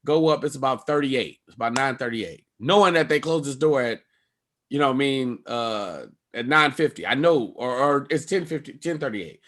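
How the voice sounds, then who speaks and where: A male stand-up comedian telling a profane story on a podcast, acting out everyone's lines with sudden leaps in pitch and volume. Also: lively intonation, moderate pace. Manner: profane, acts out people's lines with big jumps in pitch and loudness.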